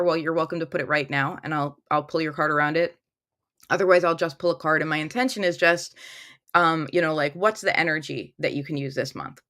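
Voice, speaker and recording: A woman's voice: deep voice, a bit bright. A woman hosting a casual tarot livestream from a room at home, talking into her phone, chatty and upbeat as she reads viewer comments aloud.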